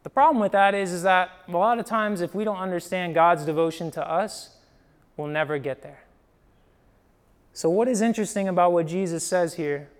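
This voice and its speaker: A young man from Ohio, the Midwest, preaching a sermon in a conversational storytelling way, often asking "right?" and swinging between emphatic bursts and quiet drops. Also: sits high, moderate pace, smooth. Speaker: pastor.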